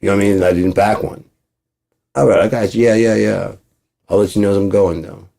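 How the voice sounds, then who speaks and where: Low mellow-voiced man rambling. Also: steady tone, fairly quick, vocal fry. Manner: rambling, profane, acts out both sides of imagined talks. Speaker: channel host. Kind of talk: casual rambling monologue.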